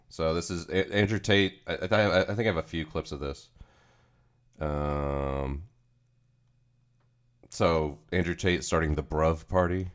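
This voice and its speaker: A man's voice: very deep voice, unhurried, long pauses. A man hosting a casual livestream, chatting in a rambling, profane way. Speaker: livestream host.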